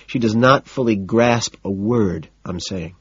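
Low, husky, deadpan male narrator. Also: a little slow, no room sound, lo-fi sound. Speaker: audiobook narrator. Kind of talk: first-person novel narration.

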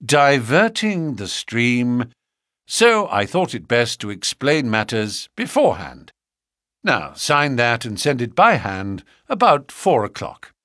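A man voicing a theatrical gentleman detective. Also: medium pitch, big pitch swings, slow, no room sound, studio quality.

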